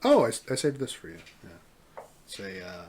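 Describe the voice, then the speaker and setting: A man's voice: deep voice, huge pitch swings, normal speed, a little mellow, breathy edge. A man co-hosting a podcast in casual chat, reading memes aloud with a wry, amused manner and frequent laughs. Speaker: podcast co-host.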